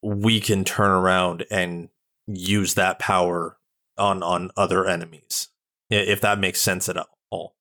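A man's voice: low-pitched, flat delivery, bright, forceful tone. A man co-hosting a podcast, speaking hesitantly and reading out definitions in casual chat. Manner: halting, hesitant with restarts. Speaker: podcast co-host.

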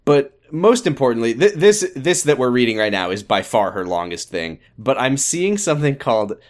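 A man co-hosting a casual podcast, giving dry, wry commentary with many pauses and ums. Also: mid-range voice, big pitch swings. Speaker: podcast co-host. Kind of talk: casual chat, reading fan fiction aloud.

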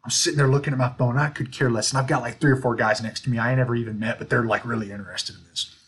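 A man co-hosting a sports podcast, telling stories in an animated, ranting way. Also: mid-range voice, very fast. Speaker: podcast co-host. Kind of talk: casual sports chat.

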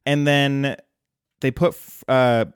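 A man hosting a podcast, casually retelling a cartoon episode at length in a relaxed storytelling manner. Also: mid-range voice, slow, clear, resonant tone, dry recording, studio quality. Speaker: podcast host.

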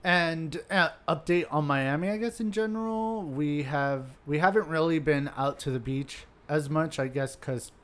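Upbeat, giggly man with a higher voice. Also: normal speed, hardly any pauses, fairly bright tone. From South Florida. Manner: upbeat, giggly, leads the segments. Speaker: podcast co-host. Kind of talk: casual chat.

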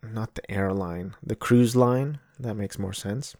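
A man's voice: fairly low pitch, takes it slowly, darkish tone, no echo, studio quality. A man in his thirties telling a rambling travel story in a casual, wry way, often correcting himself mid-sentence. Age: 30s.

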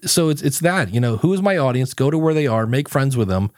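A man's voice: mid-range voice, lively intonation, brisk, darkish tone, no echo, studio quality. A man guesting on a podcast, telling stories in a casual chat and acting out his own quotes.

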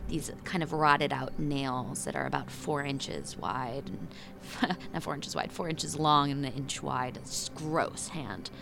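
A woman's voice: rumbling low, steady tone, measured pace, gravelly, few pauses, over music. A woman running a tabletop game as game master, narrating vividly and loosely with fillers.

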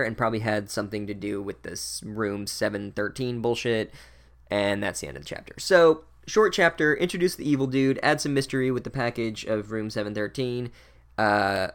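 A man's voice: lowish voice, fairly quick. A man giving a casual, profane, sardonic recap of a book as a podcast host. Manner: sardonic, swears a lot, wry.

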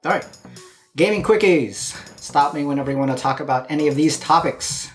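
A man's voice: on the high side, fairly quick, faint music behind. A man hosting a casual gaming podcast, playful and joking as he runs the topics. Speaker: podcast host. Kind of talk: casual chat.

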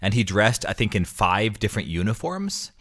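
A man in his thirties, a priest, telling stories in a relaxed podcast chat, often stumbling and repeating words as he starts sentences. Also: lowish voice, moderate pace. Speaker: priest co-host. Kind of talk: casual storytelling chat.

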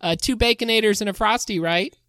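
Improv: a man voicing a bubbly drive-thru mascot girl, pitched up, plain dry sound. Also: a little fast, fairly bright tone, clean tone, no room sound. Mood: chipper. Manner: chipper, giggly service voice. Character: cheery fast-food girl mascot.

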